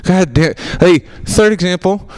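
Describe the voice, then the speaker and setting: A young man from Florida doing a stand-up set, rambling and self-mocking, now and then bursting into loud mock outrage. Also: high-pitched, expressive, a little slow. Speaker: stand-up comedian. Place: TV studio stage with a live audience.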